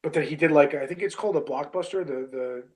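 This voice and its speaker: A man's voice: on the high side, fast talker, low-quality recording. A man in his thirties, a wrestler telling a long story in a casual interview, full of fillers like "you know what I mean" and "bro".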